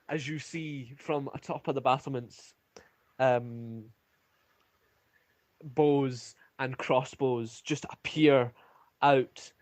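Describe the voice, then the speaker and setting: A man narrating a tabletop game as game master, pausing often with ums and uhs. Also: medium pitch, dry recording. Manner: hesitant, many ums.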